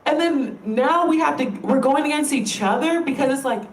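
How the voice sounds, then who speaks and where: Her voice sits high and flows at a moderate pace with few pauses as this woman vlogger launches into a frustrated direct-to-camera rant. She's emphatic and swears freely throughout. The mic is far off, giving a roomy sound.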